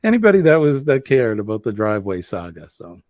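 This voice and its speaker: A man's voice: lowish voice, sing-song, fairly quick, darkish tone, no echo. A man from New England with a Boston accent, hosting a live stream, chatting in a rambling way and answering viewer comments. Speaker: host.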